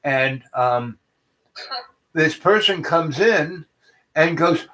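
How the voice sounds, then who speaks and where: A man hosting a comedy show, telling a meandering story full of restarts and absurd deadpan asides. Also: on the high side, very slow, pauses often. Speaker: comedic YouTube host. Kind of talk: rambling comic storytelling monologue.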